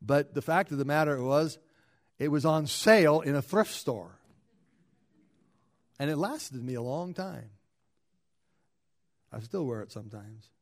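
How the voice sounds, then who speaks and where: Middle-aged man, pastor preaching, slightly high voice, repeats himself and restarts. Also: animated, a little slow, long pauses. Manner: repeats words and restarts, rising and falling emphasis. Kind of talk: sermon.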